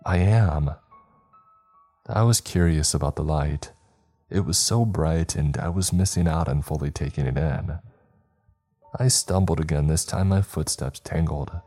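A man narrating a horror story in a steady, measured storytelling voice. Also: very deep voice, faint music behind.

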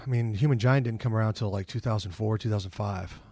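A man's voice: lowish voice, fast, no echo. A middle-aged man, a comedian and actor, telling stories in a casual interview and acting out his own inner voice. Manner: animated storyteller, acts out his own inner voice. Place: office.

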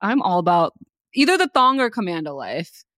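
A young woman in her twenties co-hosting a casual chat, laughing often and teasing her friend with quick reactions. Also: on the low side, sing-song, fairly bright tone, no echo, clean studio sound.

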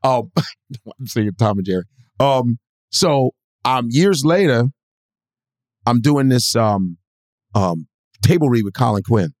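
A male comedian guest telling profane, animated stories in a casual podcast chat. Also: mid-range voice, slow, pauses often, no room sound, studio quality.

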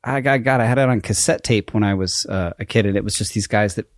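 A man's voice: fairly low pitch, fast talker, dry recording, studio quality. A man co-hosting a podcast in playful, rambling casual chat with many fillers. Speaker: podcast co-host.

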